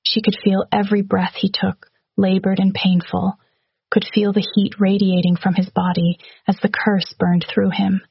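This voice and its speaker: A woman narrates a story in a level, even-paced read. Her voice is gravelly and a little husky. The recording is dry and slightly dull. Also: medium pitch, moderate pace, dry recording. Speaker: audiobook narrator. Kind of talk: scripted narration.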